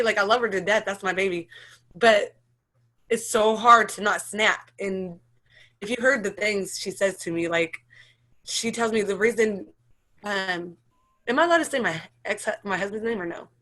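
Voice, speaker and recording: A woman's voice: medium pitch, normal speed, sharp tone. Rambling, emotional American woman. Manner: rambling, restarts often, emotional, nervous laughs. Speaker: interviewee. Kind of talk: emotional personal account.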